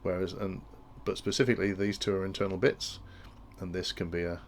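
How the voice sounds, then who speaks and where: Low-voiced man with gravelly tone. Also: level tone, fairly quick, slight background noise. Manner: thinking aloud with frequent restarts. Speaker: instructor explaining industrial control. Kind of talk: technical tutorial walkthrough.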